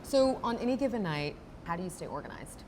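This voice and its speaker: A woman's voice: medium pitch, expressive, fast, a little mellow, a little hiss or hum. A woman hosting a casual food interview, enthusiastic and playful with lots of exclamations. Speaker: host.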